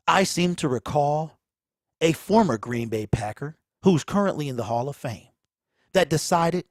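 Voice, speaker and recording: A sports talk host with a Michigan accent rants in a high, swooping voice, hammering his points by repeating phrases. The sound is dry and close-miked, with pops on hard consonants. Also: moderate pace, no echo. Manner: animated, preachy, repeats phrases for emphasis. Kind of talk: casual sports commentary rant. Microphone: close mic, pops on plosives.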